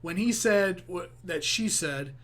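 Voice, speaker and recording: A man's voice: high voice, slow pace, fairly bright tone. A man giving casual, profane reaction commentary, rambling with many restarts. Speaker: reaction video host.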